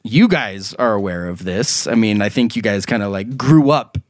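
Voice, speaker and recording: A young adult man hosting a casual podcast chat, rambling and halting, with many fillers and quick laughs. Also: on the low side, expressive, no echo, studio quality. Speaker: podcast host.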